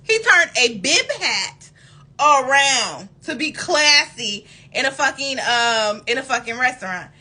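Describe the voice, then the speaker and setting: A young woman spinning a story for her viewers in a loose, profane, animated way. Her voice is bright and sits a little high. She talks straight to the camera with lots of asides. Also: measured pace. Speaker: tarot reader. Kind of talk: casual storytelling vlog.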